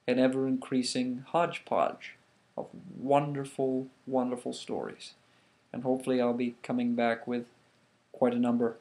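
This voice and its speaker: A man casually telling a myth to the camera, animated, with frequent restarts. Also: medium pitch. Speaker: vlogger. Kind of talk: casual storytelling.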